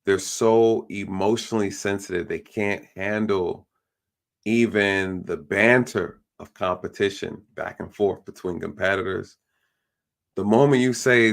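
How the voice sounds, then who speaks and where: A man's voice: lowish voice, normal speed, gravelly. A man hosting a live stream, talking bluntly in a ranting way and mimicking the people he quotes. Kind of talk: casual opinion talk.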